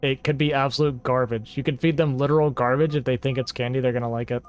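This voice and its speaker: Male stream host, casual and talkative, mid-pitched, faint music behind. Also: fairly even intonation, fast. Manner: rambling and talkative, reading chat aloud. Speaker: livestream host. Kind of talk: casual chat to a stream audience.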